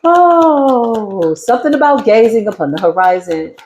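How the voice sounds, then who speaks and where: A woman's voice: expressive, normal speed, background noise. Sassy woman giving a swearing tarot reading. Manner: sassy, mocking, swears freely, laughs loudly; swings between low murmurs and high teasing squeals. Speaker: tarot reader. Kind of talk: casual spoken tarot reading.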